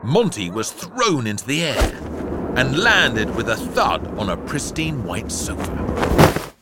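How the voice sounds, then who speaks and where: A man reading a children's storybook aloud, lively and playful, punching out sound-effect words. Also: mid-range voice, slow pace, heavy background noise.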